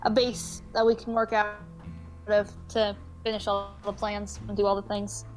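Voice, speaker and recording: A woman's voice: mid-range voice, little pitch movement, normal speed, faint music behind. A woman playing a tabletop game, thinking aloud and correcting her own wording. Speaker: player.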